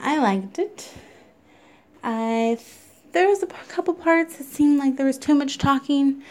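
A woman's voice: fairly high pitch, darkish tone. A young woman giving a casual, rambling film review, full of "like" and "um.". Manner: chatty, rambling, heavy use of "like". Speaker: movie reviewer.

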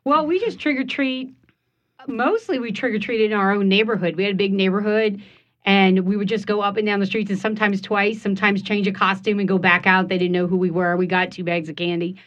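A woman's voice: medium pitch, fairly even intonation, fairly quick, a bit bright, muffled recording. Easygoing woman chef guest. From St. John Parish, Louisiana. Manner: easygoing, laughs often. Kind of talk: casual radio interview. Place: radio studio.

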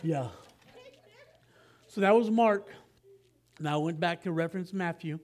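A man's voice: fairly high pitch, unhurried, a little mellow. A man giving a sermon as pastor, reading scripture in a casual, conversational way with frequent asides and self-corrections.

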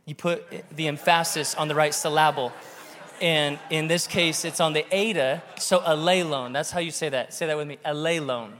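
A man preaching a sermon to a congregation, animated and joking with the audience. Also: on the high side, normal speed. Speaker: pastor. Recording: long reverb of a large hall.

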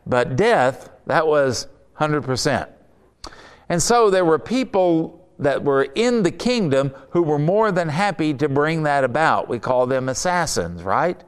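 Man preaching a sermon, smooth voice. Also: a little high, expressive. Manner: conversational storytelling with rhetorical asides; slow emphatic scripture reading.

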